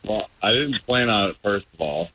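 Low-voiced man rambling through a story. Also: lively intonation, normal speed, pushed and bright, husky, dry recording, rough recording. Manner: rambling, hesitant with many ums. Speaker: caller guest on a radio show. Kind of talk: casual storytelling on a phone-in.

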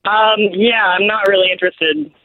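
A woman's voice: medium pitch, little pitch movement, moderate pace, no room sound. A woman calling in to a radio show over the phone, embarrassed and laughing nervously. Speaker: caller. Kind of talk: phone call on air. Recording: tinny phone line.

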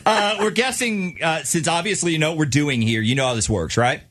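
A man's voice: on the high side, fairly quick, fairly bright tone. A male radio co-host bantering playfully and teasing a caller on a morning show.

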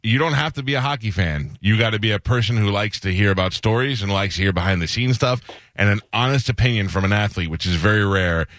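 Joking middle-aged radio host. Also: male voice, lowish voice, a bit bright, no room sound, clean studio sound. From New York. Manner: joking, laughs often. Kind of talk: casual radio interview.

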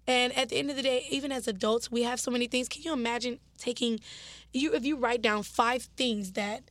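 A woman who works in foster care, talking in an emotional, animated way during a casual interview. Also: fairly high pitch, fairly quick, no echo. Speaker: foster care agency staff.

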